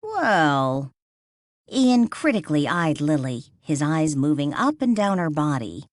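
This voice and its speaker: Low-voiced woman narrating a cozy story. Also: very animated, normal speed, a little mellow, no room sound, clean studio sound. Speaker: audiobook narrator. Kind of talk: scripted narration.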